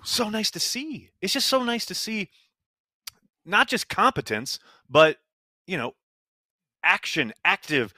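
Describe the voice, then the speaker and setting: A man's voice: sits high, big pitch swings, slow pace, pauses often, bright, forceful tone, dry recording. A man co-hosting a casual sports podcast, talking emphatically with frequent exclamations. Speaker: podcast co-host.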